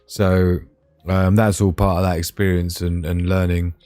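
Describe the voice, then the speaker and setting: A man's voice: sits low, level tone, a little slow, mellow, clean tone, no room sound, faint music behind. A man hosting a live stream, chatting to viewers in a rambling, casual way. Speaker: livestream host.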